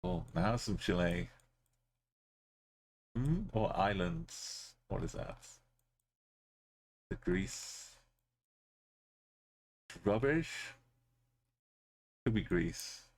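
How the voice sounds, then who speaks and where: A man streams live game commentary, thinking out loud as he plays. His voice sits low and carries a gravelly fry. He talks at a slow, easy pace, drifting into fillers and half-finished thoughts. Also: sing-song, slight background noise. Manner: thinking aloud, musing with trailing fillers.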